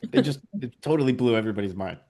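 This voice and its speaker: Animated man telling film stories. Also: mid-range voice, moderate pace. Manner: animated storyteller, acts out quotes; frequent "like" and "you know" fillers. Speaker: documentary director. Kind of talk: interview conversation.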